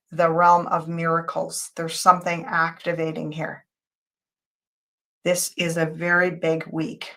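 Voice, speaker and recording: Intense, emotional woman tarot host. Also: on the low side. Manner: emotional and intense, thanking viewers by name; spiritual, guiding talk with quick changes of loudness. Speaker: tarot reader and show host. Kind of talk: live psychic tarot reading, chatting with viewers.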